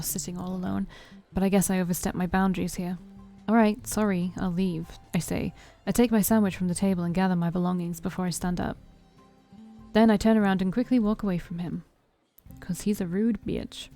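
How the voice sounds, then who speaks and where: A woman's voice: fairly low pitch, mellow. Playful woman reading a story game aloud. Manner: playful, with side comments. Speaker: let's play streamer. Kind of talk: reading a visual novel aloud, first person.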